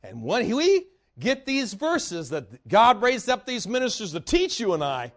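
A man preaching a sermon with a notably high voice for a man. He tells folksy stories in an animated, laughing way, and his voice swings between loud outbursts and quiet asides. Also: unhurried.

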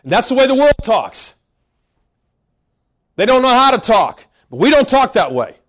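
A man preaching a sermon, emphatic and scolding, bursting into shouts and stretching words for emphasis. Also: very high voice, big pitch swings, normal speed.

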